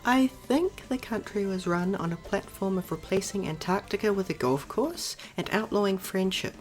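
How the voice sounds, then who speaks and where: A woman playing a former streamer, handing out absurd advice in a deadpan, matter-of-fact way in a comedy audio drama. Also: medium pitch, moderate pace, faint music behind, natural voice.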